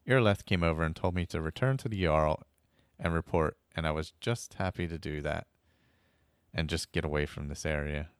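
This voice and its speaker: Very deep-voiced man telling a story. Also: normal speed, smooth, no room sound, clean studio sound. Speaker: podcast storyteller. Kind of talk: first-person storytelling narration.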